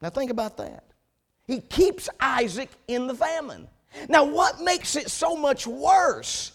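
Preacher guy, high voice swooping up and down, tells his story with big emphasis. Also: takes it slowly, gravelly. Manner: animated storytelling, building to emphasis. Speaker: pastor. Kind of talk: sermon.

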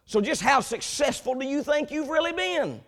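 A man's voice: extremely high pitch, expressive, normal speed, voice pushed up. A man voicing a haughty, prodding small-town newspaper reporter in a sermon story. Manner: loud, prodding.

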